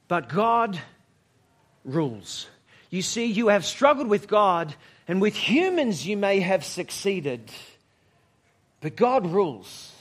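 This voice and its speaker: A pastor with a voice that sits high preaches at a church service in a measured, reflective manner. He uses dramatic pauses and at moments drops almost to a whisper.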